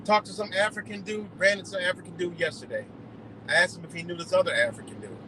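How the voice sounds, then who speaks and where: A man's voice: high-pitched, quick pace, background noise. A man ranting heatedly and profanely in a rambling live monologue, streaming from a car on the road. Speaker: livestreamer.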